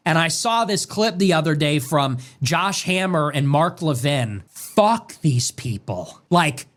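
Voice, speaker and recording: A man ranting on politics, angry and profane, and his pitch swings wildly from high jabs to low growls. Every line is hammered home with emphasis. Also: expressive, slow pace, fairly bright tone. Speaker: political commentator. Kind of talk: heated political rant.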